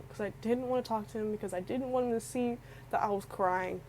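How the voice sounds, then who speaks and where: A tearful young woman vlogs an emotional personal story, rambling with frequent restarts and fillers. She speaks fast in a medium-pitched, darkish voice, captured in poor audio with slight background noise.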